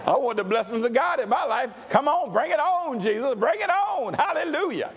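A male pastor preaching a sermon with call-and-response, dropping to low asides and rising to shouts. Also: big pitch swings, normal speed.

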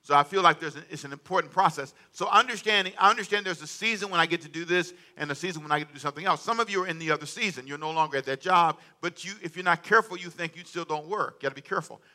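Bright-voiced preaching pastor, a man. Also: a little high, very fast, few pauses. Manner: call-and-response preaching, asks congregation to read aloud. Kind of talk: sermon.

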